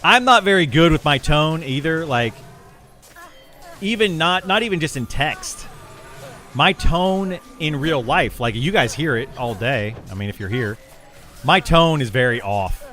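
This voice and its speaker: Rambling male streamer, soft music behind. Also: fairly high pitch, animated, measured pace. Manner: rambling, repeats words and restarts while explaining. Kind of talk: casual stream chat. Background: faint music.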